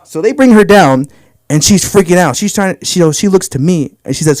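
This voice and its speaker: A man's voice: sits high, moderate pace, darkish tone, dry recording, studio quality. A young man telling crude, brash stand-up stories about his family on a comedy club stage. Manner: brash storytelling, crude punchlines.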